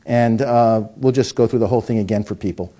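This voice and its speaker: A middle-aged man speaks a little fast in a lowish, mellow voice with a steady tone. He jokes and puns through coin magic, then teaches the trick, often stumbling and starting his words again.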